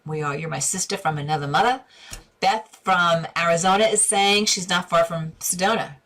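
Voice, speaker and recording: Low-voiced bright woman design host. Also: normal speed. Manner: chatty, affectionate, direct, uses endearments. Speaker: interior design host answering viewer questions. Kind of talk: live-stream Q&A chat.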